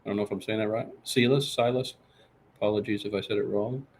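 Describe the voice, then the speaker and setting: A man with a voice on the low side and fairly even intonation talks quickly as he hosts a casual live show. He reads and replies to viewer comments and boasts about himself in the third person. Slight background noise is present.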